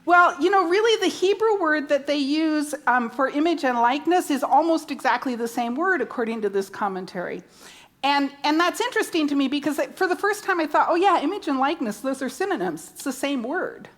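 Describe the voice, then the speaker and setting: A woman's voice: sits high, animated, a little fast. A woman minister preaching a sermon, emphatic, repeating key words and asking rhetorical questions.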